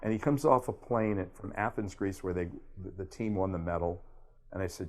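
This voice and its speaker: A man's voice: low voice, brisk. An older man from Miami, a sports broadcaster appearing as a guest on a casual interview, telling stories animatedly and slipping into impressions. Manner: animated storyteller, does impressions.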